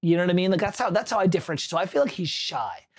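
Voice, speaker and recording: Fast-talking, husky man telling rambling stories. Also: high-pitched, expressive. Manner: rambling anecdotes, self-corrections, answers chat. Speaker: composer hosting a livestream. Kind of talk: casual livestream chat.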